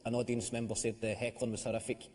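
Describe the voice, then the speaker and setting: A man's voice: medium pitch, little pitch movement, fast talker, a little mellow, big-room sound, a little hiss or hum. A Scottish man telling wry, self-deprecating comic anecdotes on a panel show. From Scotland. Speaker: comedian panelist. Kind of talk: comic storytelling.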